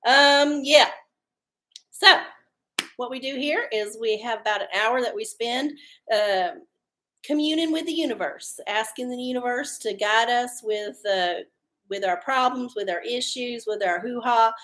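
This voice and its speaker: A chatty woman hosting a live stream from home, tossing off swear words as she goes. Her voice sits a bit high for a woman, and she sounds loose and unscripted. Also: measured pace, a bit bright. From Texas. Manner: chatty, salty, swears freely. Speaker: livestream host. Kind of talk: casual livestream chat. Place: home studio under hot lights.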